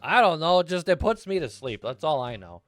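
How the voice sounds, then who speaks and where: A male streamer chatting casually with viewers while he plays, rambling and laughing often. His voice sits fairly high and swings widely in pitch. He is close to a desk mic in a dry-sounding space. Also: sing-song, moderate pace, a bit bright, dry recording, faint music behind. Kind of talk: casual gameplay chat.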